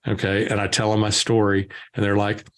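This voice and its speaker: A man, a guest entrepreneur, telling lively stories in conversation and acting out the dialogue. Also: fairly low pitch, a little fast. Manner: lively anecdotal storyteller, acts out dialogue. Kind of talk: conversational storytelling.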